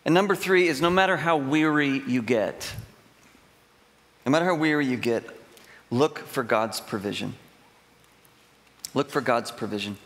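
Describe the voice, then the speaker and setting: A man's voice: mid-range voice, a little slow, long pauses, fairly bright tone. A middle-aged man preaching a sermon in a large church, telling stories in a conversational way and acting out quotes with emphasis. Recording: long hall reverb.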